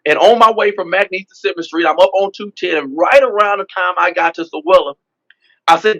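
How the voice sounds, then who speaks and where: High, bright-voiced pastor. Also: male voice, brisk, creaky, rough recording. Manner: emphatic, repetitive preacher cadence, frequent "man". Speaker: pastor and politician, interview guest. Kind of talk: testimonial storytelling.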